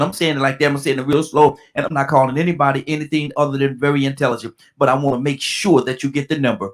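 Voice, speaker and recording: Halting middle-aged radio host, man. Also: a little high, fairly even intonation. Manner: repeats himself, stumbles and restarts, slows right down for the phone number. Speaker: radio talk show host. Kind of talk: call-in radio talk.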